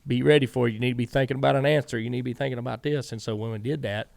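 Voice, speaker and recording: As a guest in a casual storytelling interview, a middle-aged Southern man and former racing crew chief rattles off rambling anecdotes very fast, full of "I said" as he quotes himself and others. His gravelly, darkish voice is mid-range with fairly even intonation, and the recording is dry and close.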